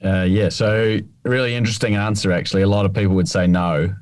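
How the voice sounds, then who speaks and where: A man co-hosting a podcast as the rules expert, explaining things in a laid-back, measured way. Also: fairly low pitch, steady tone, darkish tone, dry recording. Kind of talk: casual chat.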